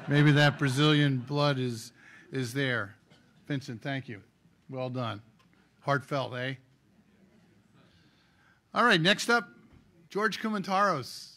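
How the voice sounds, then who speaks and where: A man emceeing an award ceremony, introducing honorees with lively, joking anecdotes. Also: on the high side, a little slow, long pauses, a little hiss or hum. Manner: lively anecdotal storytelling with jokes.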